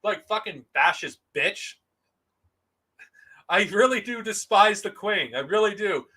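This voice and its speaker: A man's voice: high-pitched, expressive, unhurried, pushed and bright, husky. A man streaming alone, ranting with heavy profanity and stumbling over his words as he repeats himself. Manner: profane angry ranting with stammered restarts. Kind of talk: solo live-stream rant.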